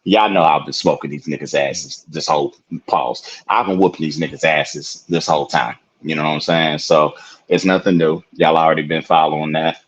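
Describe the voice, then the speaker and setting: A man with a very low, husky voice talks in a loose, rambling way, full of fillers and asides. He is a podcast co-host in his thirties. The audio is dull and lo-fi, like a remote call. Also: fairly even intonation, moderate pace. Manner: laid-back, rambling with lots of fillers and "you know what I'm saying". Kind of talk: casual podcast chat. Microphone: video call.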